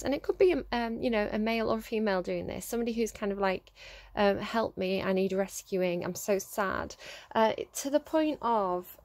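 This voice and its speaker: A woman's voice: mid-range voice, no room sound. A woman giving a casual tarot reading, talking in a hesitant way with many fillers and restarts. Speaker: tarot reader.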